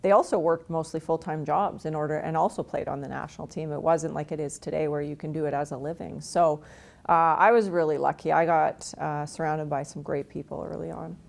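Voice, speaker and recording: A woman in her forties from Canada speaks as an interview guest with a low voice and a gravelly fry running through it. She tells her stories frankly and often laughs at herself. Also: steady tone, brisk. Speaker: interview guest, retired hockey player. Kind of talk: candid interview storytelling.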